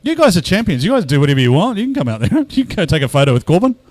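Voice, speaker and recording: Chatty New drift commentator. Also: male voice, a little high, very animated, racing, no echo. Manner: chatty, teasing banter with the crowd. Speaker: event commentator. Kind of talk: live event commentary. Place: outdoor drift track.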